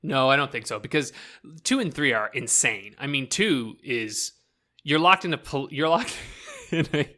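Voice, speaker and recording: Canadian man, podcast co-host; bright, lively, laughing banter. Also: medium pitch, normal speed. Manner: animated, laughs often, swears casually. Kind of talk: casual chat.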